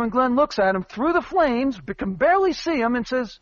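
A man's voice: extremely high pitch, animated, a little fast, hardly any pauses, fairly bright tone, dry recording, muffled recording. A man hosting a commentary show, rambling and emphatic with many fillers. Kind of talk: casual spoken commentary.

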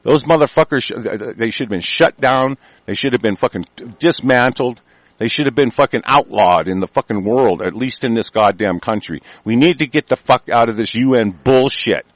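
A man's voice: medium pitch, normal speed, no echo. Brief: cursing male host on a political rant, dry sound. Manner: angry, heavily profane, stumbling restarts. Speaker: talk show host. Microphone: conference call line.

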